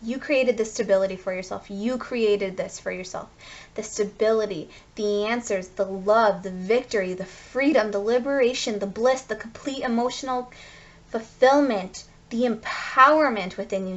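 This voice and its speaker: A woman's voice: medium pitch, moderate pace, lo-fi sound. A woman giving a tarot card reading, gushing and speaking straight to her viewers. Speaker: tarot reader.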